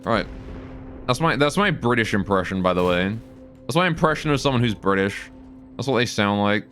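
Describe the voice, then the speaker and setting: A man's voice: fairly low pitch, expressive, normal speed, a bit bright, faint music behind. Man thinking aloud over a game. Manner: thinking aloud, answering chat. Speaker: game streamer. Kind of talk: live gameplay stream chat.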